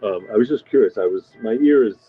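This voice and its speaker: A man's voice: lowish voice, fast talker. A middle-aged man hosting a casual live stream from a diner, rambling and answering viewer comments as he eats. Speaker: livestream host. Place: restaurant diner. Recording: dull lo-fi sound with faint music.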